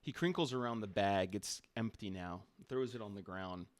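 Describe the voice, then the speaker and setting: A man's voice: fairly low pitch, normal speed, no echo. A man hosting a stream, improvising a second-person story in a dry, playful way.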